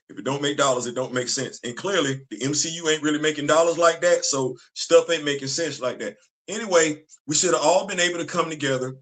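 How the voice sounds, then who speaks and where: Emphatic man with a bright voice. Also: mid-range voice. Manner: emphatic, repeats phrases for effect. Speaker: commentary channel host. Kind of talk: casual opinion commentary.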